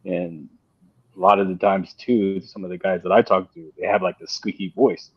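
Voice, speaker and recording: A man talking on a panel in a casual discussion, halting and repeating himself with many fillers. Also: low voice, steady tone, slightly rough, dry recording. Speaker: panel guest. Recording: dull dry lo-fi sound.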